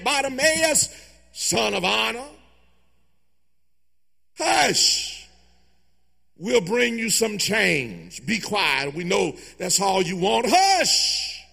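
A man voicing annoyed bystanders who scold and hush a beggar dismissively. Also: high voice, gravelly, husky, long reverb tail, exaggerated voice.

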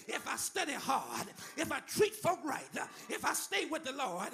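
A man from Arkansas preaches with a very high, bright, gravelly voice that leaps around in pitch. He whoops, chants and shouts his lines, and soft music plays behind him in the church. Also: very animated, moderate pace, few pauses. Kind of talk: sermon.

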